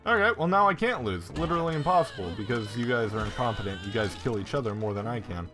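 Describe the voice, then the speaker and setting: An excitable male gamer talking through his play in a lively voice that swings up and down, swearing freely. Game music runs clearly underneath him. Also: medium pitch, fast. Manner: excitable and profane, swears often. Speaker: gameplay commentator. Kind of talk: casual gameplay commentary.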